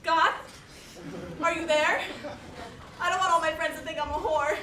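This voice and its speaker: A woman's voice: very high-pitched, steady tone, moderate pace. A young woman in a student comedy sketch playing a naive, flustered girl. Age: young adult. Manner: bright, flustered. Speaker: sketch actor. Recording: echoey room, far mic, faint noise.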